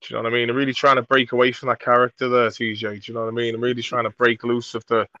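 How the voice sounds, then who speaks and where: A Merseyside man in his forties, a comedian guesting on a podcast, chats casually in a crude, self-mocking way and keeps restarting his sentences. His medium-pitched voice comes out flat, very fast, pushed and bright. The recording is muffled, with no room sound.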